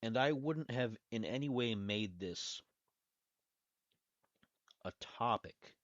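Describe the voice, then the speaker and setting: A man with a medium-pitched, expressive and slightly bright voice takes his time as he hosts his own podcast. His casual talk rambles, with restarts and asides. The lo-fi recording is dry and dull, with no echo.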